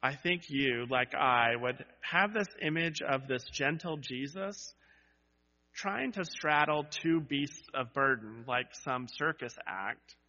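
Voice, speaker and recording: A man's voice: mid-range voice, takes it slowly, sharp tone. A man pastor preaching a sermon to his congregation, building to emphatic repeated cries and dropping into conversational asides. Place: church sanctuary. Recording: dull sound with long church reverb.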